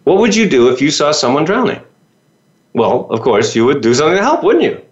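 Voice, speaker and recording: A man's voice: a little high, sing-song, brisk, dull audio. A male business coach giving a motivational talk to his listeners, full of rhetorical questions and folksy asides.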